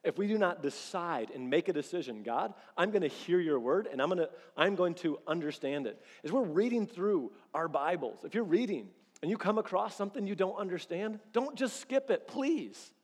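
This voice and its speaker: A pastor in his thirties preaching a sermon in a casual, animated way, acting out little quoted exchanges. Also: sits high, fairly quick, hardly any pauses. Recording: long reverb of a large hall.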